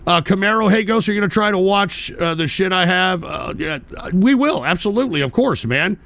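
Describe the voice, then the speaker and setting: A man's voice: sits high, fairly quick, no room sound. A man hosting a live political talk stream, ranting bluntly with heavy swearing and reading out viewer donations. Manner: blunt, profane, animated ranting. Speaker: political talk show host.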